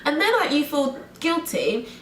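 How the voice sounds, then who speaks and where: A young British woman from the UK vlogging, talking fast with an animated, exasperated tone. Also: high-pitched, slight background noise. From United Kingdom. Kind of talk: ranting vlog. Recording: roomy room echo.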